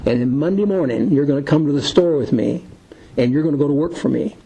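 Man doing a stern, deliberate older father from a film; gravelly, husky delivery. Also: a little high, mellow, low-quality recording. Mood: firm. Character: stern aging father laying down a plan.

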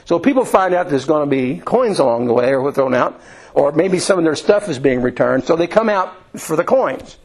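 Brief: male preacher, slightly higher voice, homespun storyteller, halting restarts, sermon delivery. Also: expressive, rough recording. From Indiana, USA. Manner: folksy storytelling with many restarts and fillers.

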